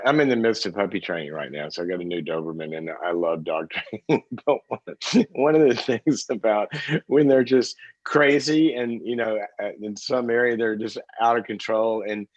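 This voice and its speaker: A man hosting a call-in advice show, talking in an animated, playful way and laughing easily. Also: lowish voice, no room sound, highs cut off. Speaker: host.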